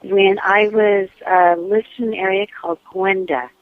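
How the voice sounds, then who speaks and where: Caller: woman, unhurried, hesitant, dry tinny phone line. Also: mid-range voice, steady tone, dry recording. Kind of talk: phone-in storytelling.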